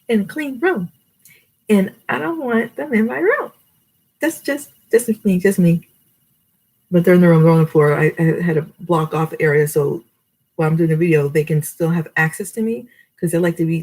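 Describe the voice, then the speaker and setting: A middle-aged woman rambles through life advice in a casual home vlog, recorded in her bedroom. Her voice is husky with a gravelly edge, and she wanders off topic. She often laughs at herself. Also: fairly low pitch, moderate pace, darkish tone, poor audio. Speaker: vlogger.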